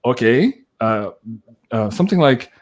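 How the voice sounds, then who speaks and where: A man's voice: medium pitch, unhurried. Laid-back man telling a story. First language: French. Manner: animated, laughing, swearing casually, lots of "like" fillers. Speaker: guest storyteller. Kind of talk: casual chat, personal storytelling.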